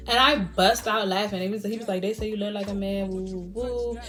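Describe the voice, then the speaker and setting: A young woman vlogger telling a storytime with animated delivery, laughing often and acting out what others said. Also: mid-range voice, brisk, soft background music. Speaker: beauty vlogger. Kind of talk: storytime vlog.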